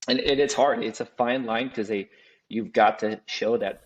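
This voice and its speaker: A man's voice: medium pitch, fairly even intonation, moderate pace, husky, dull audio. A man who runs a custom home building business, speaking reflectively in casual conversation and often restarting his sentences. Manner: reflective, restarts often, acts out clients' voices.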